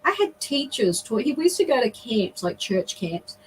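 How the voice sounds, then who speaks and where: A woman's voice: on the high side, big pitch swings, normal speed, slight background noise, rough recording. A middle-aged woman, a guest on a video call, earnestly telling a personal story with emotion and frequent restarts.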